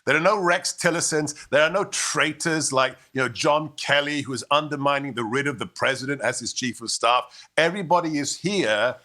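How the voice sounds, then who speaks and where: A man's voice: a little high, fairly quick, few pauses. A middle-aged man who immigrated to the United States, giving emphatic political commentary as a guest, telling stories and driving his points home. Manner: forceful, rhetorical, with storytelling and impressions.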